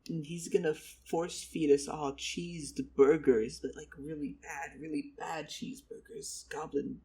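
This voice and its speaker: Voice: medium pitch, fairly even intonation, a little slow, warm tone, slight background noise, lightly acted. A storyteller doing a foul-mouthed goblin heiress. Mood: conspiratorial. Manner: swearing, boastful, cocky. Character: brash exiled goblin heiress, foul-mouthed young woman.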